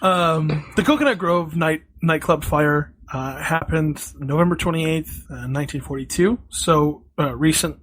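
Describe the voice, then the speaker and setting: A young man co-hosting a casual comedy podcast, presenting his research hesitantly with many pauses. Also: on the high side, a bit bright, rough recording. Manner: unhurried, hesitant, full of ums and pauses. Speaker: podcast co-host.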